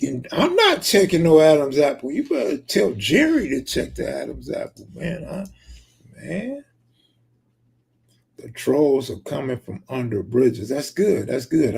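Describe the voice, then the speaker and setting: Brief: gravel-voiced male streamer, dark husky tone, joking, swears freely. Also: a little high. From California. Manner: reads viewer comments aloud and banters back, profane and joking. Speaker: live streamer reading chat. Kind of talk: casual live-stream chat.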